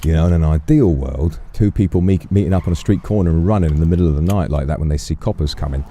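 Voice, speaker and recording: A man's voice: deep voice, quick pace, dark tone, slight background noise. A man with a Cockney accent playing a police officer in an online game roleplay, chatting and musing aloud with many restarts. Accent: Cockney London.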